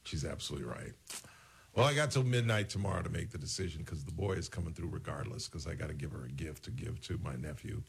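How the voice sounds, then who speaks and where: A man's voice: a bass voice, quick pace, breathy edge. A man hosting a show, telling rambling personal stories in casual chat and acting out the dialogue. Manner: rambling, digressive, acts out quoted dialogue. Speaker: radio-style show host.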